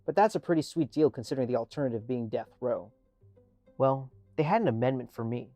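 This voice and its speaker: A man's voice: medium pitch, a little fast, mellow, faint music behind, close to an everyday voice. A man playing a weary, sarcastic male prisoner who narrates his own grim situation in a dry tone. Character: weary, sardonic male prisoner test subject.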